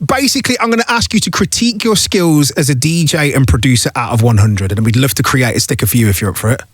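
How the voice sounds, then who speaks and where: A male radio host interviewing a guest over a video call, playful and quick to laugh. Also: medium pitch, husky, no room sound, clean studio sound.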